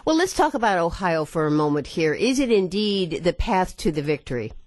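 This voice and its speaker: A woman hosting a public radio call-in show, conversational and clearly spoken into a studio microphone. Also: lowish voice, sing-song, fairly quick, darkish tone, dry recording. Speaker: radio talk show host.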